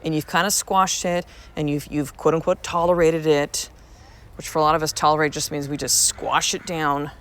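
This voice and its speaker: A woman's voice: low-pitched, flat delivery, moderate pace. A woman in her thirties hosting a podcast from home, talking frankly and repeating herself for emphasis, swearing casually. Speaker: podcast host. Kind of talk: casual motivational podcast talk. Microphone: podcast mic.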